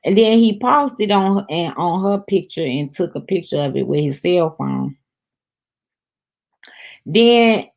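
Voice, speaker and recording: A woman hosting a review show, chatting casually through an episode recap and talking straight to her viewers. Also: fairly low pitch. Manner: chatty, addresses viewers as "y'all".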